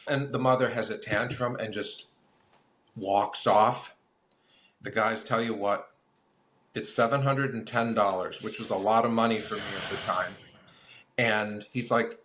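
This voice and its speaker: A man, a guest on a collectors' chat, telling lively anecdotes and acting out the people in them. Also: lowish voice, normal speed. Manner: lively anecdotal storyteller with acted quotes. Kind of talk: casual storytelling.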